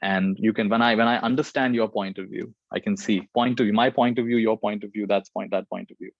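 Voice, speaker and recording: A man's voice: lowish voice, steady tone, a little fast, creaky, dry recording, highs cut off. A man giving a spiritual talk and answering questions, reflective and repeating phrases for emphasis. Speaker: spiritual teacher.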